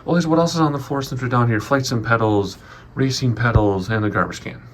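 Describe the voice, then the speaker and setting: A man's voice: mid-range voice, brisk, background noise. A man giving a chatty, rambling tour of his home office studio, a little out of breath. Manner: rambling, chatty, frequent ums. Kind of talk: casual walkthrough vlog.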